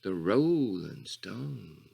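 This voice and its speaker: A man's voice: sing-song, extremely slow, creaky, dark tone, husky, full character voice. A man playing a rambling, folksy bayou character with a Louisiana drawl who tells a meandering, mock-earnest story in a comedy monologue. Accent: Southern US (Louisiana bayou). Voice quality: folksy drawl, wildly swooping pitch. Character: rambling bayou man calling himself Coach Catfish.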